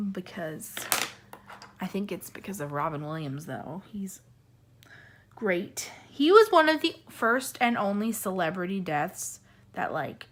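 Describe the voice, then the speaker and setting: A young woman chatting casually while she colors, rambling and easily sidetracked, with a voice that is going hoarse. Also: fairly low pitch, fairly bright tone. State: losing her voice. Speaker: coloring channel host. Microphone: camera on a monopod.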